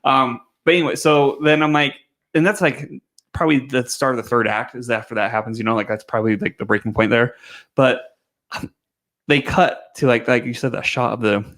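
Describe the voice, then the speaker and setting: A man co-hosting a podcast, chatting casually about a movie in a relaxed, conversational way. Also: mid-range voice, a little fast. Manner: relaxed, conversational, says "dude" often. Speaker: podcast co-host. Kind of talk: casual movie review chat.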